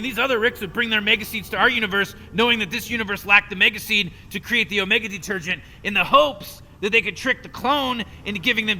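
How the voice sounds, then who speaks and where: A man's voice: high-pitched, sharp tone. A man voicing a cynical, scheming mad scientist grandfather in a video game, rambling in a dismissive, condescending way. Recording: game audio with long reverb and faint noise.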